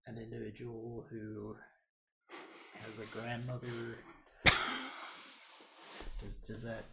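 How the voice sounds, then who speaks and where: A man's voice: medium pitch, completely flat delivery, takes it slowly, vocal fry, very noisy. A man hosting a live show, chatting casually with crude jokes and banter. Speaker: podcast host. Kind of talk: casual live-stream chat.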